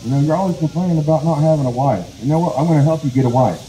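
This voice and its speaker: A man voicing a tricky, boastful male rabbit, talking fast and eagerly in a folk tale, in an echoey recording. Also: on the high side, dark tone, natural voice. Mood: scheming. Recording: echoey with faint noise.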